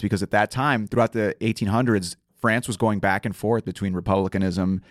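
A man, a tour guide guest on a casual podcast, telling a story quickly with many restarts and asides. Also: lowish voice, fairly even intonation, no room sound, studio quality.

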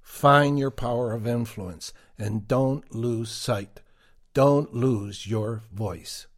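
A man co-hosting a podcast, giving prepared commentary in a deliberate, emphatic way. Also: medium pitch. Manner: slow, deliberate, emphatic delivery. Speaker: podcast co-host.

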